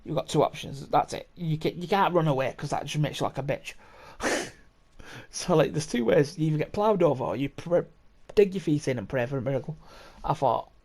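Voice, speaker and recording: Fairly high-pitched yet darkish in tone, a young podcast host talks fairly quickly and animatedly. His casual story rambles along with swearing, frequent laughter and many restarts.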